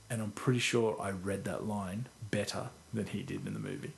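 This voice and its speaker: A man's voice: on the low side, fairly even intonation, moderate pace, creaky, few pauses. A man co-hosting a podcast, chatting casually about a film he likes, rambling and self-deprecating, with casual swearing. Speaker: podcast co-host. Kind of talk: casual film review chat.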